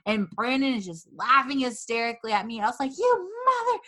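Woman host, casual storyteller, dramatic and profane, bright, forceful voice. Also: fairly high pitch, fast talker. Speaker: podcast host.

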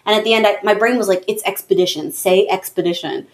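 A woman in casual chat among friends, telling stories with animation and breaking now and then into high put-on voices. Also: quick pace.

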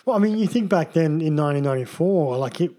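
A man co-hosting a podcast, talking films in a relaxed, rambling way with lots of fillers. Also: on the high side, quick pace. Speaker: podcast co-host. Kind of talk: casual film chat.

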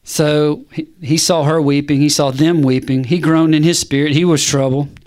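A man preaching a sermon, animated and punchy, firing rhetorical questions and calls back to the congregation. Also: fairly high pitch, normal speed.

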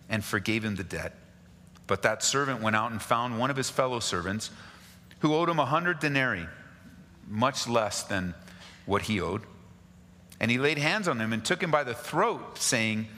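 A man preaching a sermon, reading scripture aloud and speaking directly to the congregation, moving from raised, urgent pleas to low, quiet asides. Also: big pitch swings, moderate pace. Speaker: pastor. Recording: long hall reverb.

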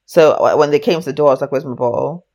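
A young woman telling a relaxed family story in casual chat. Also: deep voice, quick pace, muffled recording.

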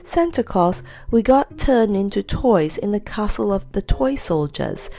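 A woman voicing Bessie, an earnest little girl, speaking insistently and loudly. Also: mid-range voice, expressive, unhurried, gravelly.

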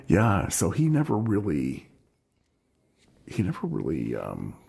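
A man's voice: deep voice, huge pitch swings, takes it slowly, creaky, darkish tone, breathy edge. A man hosting a casual interview chat, cutting in with short reactions and follow-up questions.

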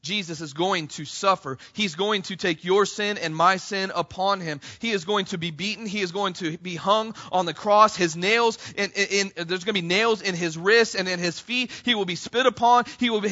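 A man preaching a sermon to his church, passionate, calling out to the congregation and rising to near shouts. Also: sits high, normal speed, few pauses, lo-fi sound. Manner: impassioned, rising to near shouts on quoted cries; addresses congregation as "church", frequent "right?". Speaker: pastor.

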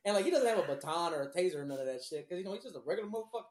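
A man's voice: high-pitched, racing. A man in casual, crude podcast chat, telling stories with lots of swearing, laughter and acted-out voices. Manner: profane, animated storytelling with laughs and impressions. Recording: roomy echo.

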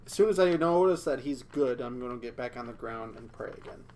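Casual: guy at the d&d table, mid pitch, kinda stumbly and unsure. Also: lively intonation, a little fast, a little mellow, a little hiss or hum. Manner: hesitant, stumbling over words. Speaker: player.

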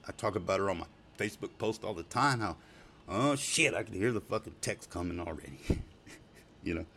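A man's voice: low-pitched, expressive, fairly quick, gravelly, fairly bright tone, a little hiss or hum. A middle-aged man rambling in a profane, emotional personal video message to his family, laughing and tearing up. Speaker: father speaking to family.

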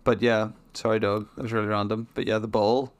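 A man's voice: fairly low pitch, little pitch movement, brisk. Man, podcast co-host, casual chat, rambling, self-deprecating, playful.

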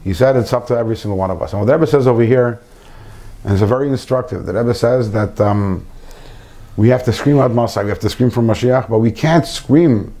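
A man's voice: medium pitch, brisk, dark tone. A man giving an informal Torah lesson to a small group, earnest, repeating phrases and mixing in Hebrew terms. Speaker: Torah class teacher.

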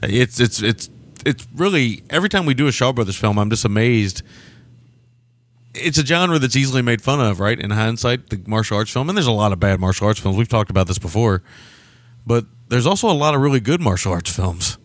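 A man's voice: mid-range voice, expressive, a little fast, dry recording. A man co-hosting a podcast, chatting casually about films in an easygoing, agreeable way. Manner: easygoing, agreeable, laughs along. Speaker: podcast co-host. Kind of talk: casual film chat.

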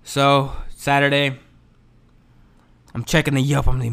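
A man's voice: medium pitch, monotone, a little slow, vocal fry, a bit bright. A man ranting casually and profanely, exasperated and full of slang.

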